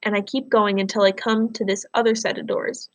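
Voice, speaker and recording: A woman teacher reading a novel aloud to her class, pausing to explain words and ask questions. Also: medium pitch, little pitch movement.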